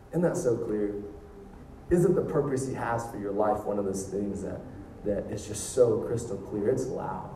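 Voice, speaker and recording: A man in his thirties preaching a sermon, telling a family story casually, then rising into fervent preaching. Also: lowish voice. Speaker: pastor. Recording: echoey hall, distant mic, noisy.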